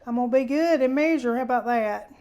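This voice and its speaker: A woman's voice: fairly high pitch, fast talker, a little mellow. A woman hosting a casual cooking demonstration in her home kitchen, chatty and homey, calling viewers honey. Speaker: cooking show host.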